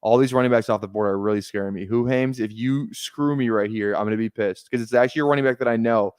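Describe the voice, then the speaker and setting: A man's voice: mid-range voice, fast, darkish tone, clear, resonant tone, dry recording. A young man casually commenting on a live fantasy football draft stream, rambling, repeating himself and swearing freely.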